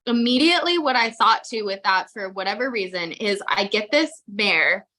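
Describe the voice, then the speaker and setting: A woman's voice: mid-range voice, animated, moderate pace, pushed and bright. A young woman co-hosting a podcast, chatting casually with lots of "like" and the odd swear word. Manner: chatty, swears freely, full of likes. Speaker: podcast co-host. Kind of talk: casual chat.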